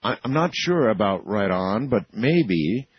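A man hosting a radio talk show, chatty and quick to joke, asking his guests questions. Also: on the low side, sing-song, husky, no echo, highs cut off. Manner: chatty, asks questions, jokes and laughs easily.

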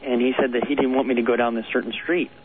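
Man, radio caller, mid pitch, earnest, rambling, nervous laughs, tinny phone line. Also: level tone, racing, breathy edge. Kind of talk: telling a ghost story on a phone-in.

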